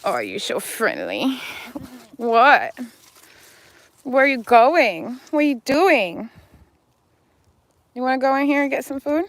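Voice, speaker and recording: A woman's voice: sits high, animated, slow, long pauses, no echo. A woman live-streaming with her rescued animals, chatting casually and cooing baby talk at them.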